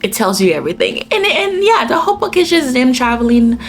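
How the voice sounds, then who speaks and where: A woman's voice: high-pitched, sing-song, a little fast, faint music behind. A woman book vlogger giving a chatty, casual book recap, full of filler words. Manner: chatty, heavy use of filler "like".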